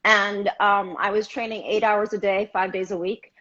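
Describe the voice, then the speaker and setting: A middle-aged woman co-hosting a live stream as a contortion coach, upbeat and giving clear advice. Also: medium pitch, level tone, normal speed, a bit bright, lo-fi sound. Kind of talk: casual live-stream chat. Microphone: remote live video call.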